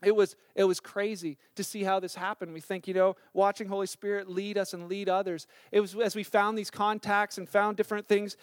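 A man's voice: high voice, flat delivery, brisk, hardly any pauses, clear, resonant tone, no echo, clean studio sound. A man sharing a mission-trip testimony with a church in a casual storytelling way. He acts out the dialogue of the people in his story.

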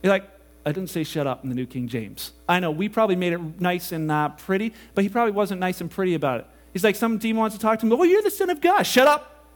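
A man preaching a sermon, animated and casual, acting out quoted voices as he goes. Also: high voice. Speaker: pastor.

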